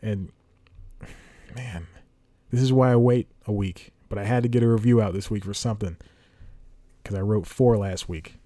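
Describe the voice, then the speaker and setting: Rambling man with a low, mellow voice. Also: dry recording. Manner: rambling, self-correcting, chuckles often. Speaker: podcast host. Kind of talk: casual solo podcast chat.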